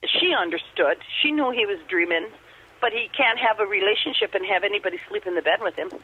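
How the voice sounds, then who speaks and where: Calling in by phone, a middle-aged Upper Michigan woman rambles earnestly through a lengthy encounter story, restarting often. Her medium-pitched voice moves fast and has a breathy edge.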